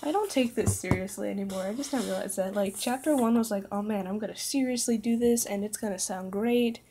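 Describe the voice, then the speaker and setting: A woman's voice: medium pitch, fairly even intonation, a little fast, mellow, slight background noise. Tired young woman, casual stream reader, stumbles and self-corrects, jokey. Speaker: reader of fan fiction. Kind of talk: casual read-aloud livestream.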